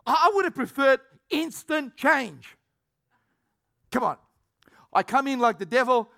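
A high-pitched man preaching a lively sermon. He acts out the voices he quotes and swings from shouts to low, quiet asides. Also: unhurried, vocal fry. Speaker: pastor.

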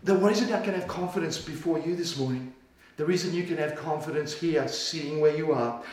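A male pastor preaching with a fairly high voice, pressing points by repeating words and dropping between loud and hushed delivery. He sounds set back from the mic. The sound rings through a very echoey church hall. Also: a little fast, recorded from a distance. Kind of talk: sermon. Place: church service.

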